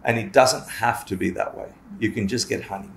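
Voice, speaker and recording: A man's voice: on the low side, a little fast, gravelly, slight background noise. A man teaching a casual Buddhist class, joking, swearing and acting out little scenes as he explains. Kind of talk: lively casual dharma class. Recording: echoey room.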